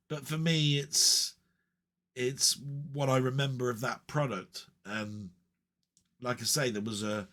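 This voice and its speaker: A man's voice: fairly low pitch, sharp tone. A man rambling in a casual, chatty way with frequent ums and asides as a retro gaming vlogger.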